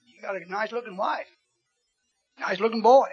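A man preaching a sermon, emphatic and repetitive, swinging from loud to soft. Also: high voice, lively intonation, moderate pace, long pauses, breathy edge. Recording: dull lo-fi sermon recording with faint music.

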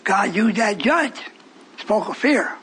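An older man preaching a rambling, folksy sermon to his congregation, dropping to mutters and then rising to shouts. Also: sits high, lively intonation, takes it slowly, slight background noise, low-quality recording.

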